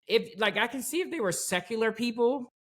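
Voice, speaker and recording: A man's voice: very high voice, expressive, a little fast, fairly bright tone. A man co-hosting a podcast who speaks expressively and questions what he has seen. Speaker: podcast co-host. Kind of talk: casual recap chat.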